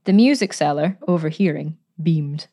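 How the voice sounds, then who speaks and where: A woman narrating a story in a measured, expressive reading voice. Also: low voice. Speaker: audiobook narrator. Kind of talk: scripted narration.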